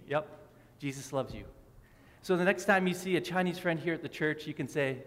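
A man's voice: a little high, moderate pace, fairly bright tone, a little hiss or hum. A man preaching a sermon in a church, friendly and joking with the congregation. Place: church sanctuary. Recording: long hall reverb.

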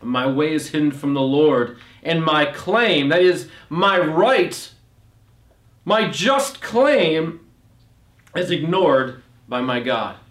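A man's voice: a little high, expressive, slow pace, a bit bright, roomy sound. A man preaching a sermon. He reads scripture aloud, comments on it, and rises on his rhetorical questions. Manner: frequent restarts while explaining.

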